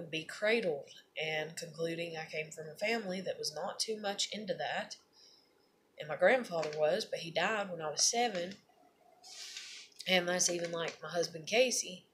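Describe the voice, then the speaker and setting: A woman's voice: fairly low pitch, slight background noise. A woman in a candid personal monologue, talking in a rambling, confessional, blunt way and swearing often.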